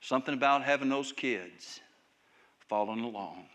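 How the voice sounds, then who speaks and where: A male pastor preaches a sermon during a church service, growing emphatic and raising his voice at times before dropping to soft, hushed lines. His voice is medium-pitched at a normal speed.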